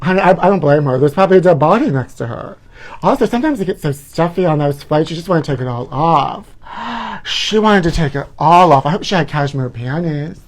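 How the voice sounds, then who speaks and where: A man's voice: a little high, animated, fairly quick. A man hosting a campy celebrity gossip livestream, calling everyone honey and laughing at his own jokes. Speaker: host.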